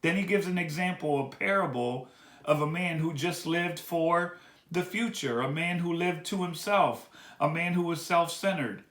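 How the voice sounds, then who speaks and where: A man's voice: fairly high pitch, fairly bright tone. Earnest preacher man in an echoey room. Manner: earnest, repetitive exhortation, slowing on key words. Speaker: pastor. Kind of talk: sermon reflection.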